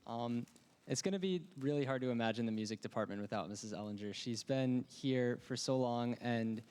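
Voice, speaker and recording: A man's voice: medium pitch, fairly quick, darkish tone, smooth. A young man from the wind ensemble giving an earnest, appreciative tribute speech to his teacher. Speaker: student speaker in wind ensemble.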